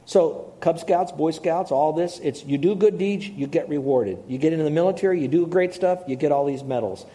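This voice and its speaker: A man's voice: a little high, normal speed, mellow. A man preaching a sermon in a conversational, storytelling way, asking his listeners questions as he goes. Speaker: pastor. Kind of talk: sermon with personal stories.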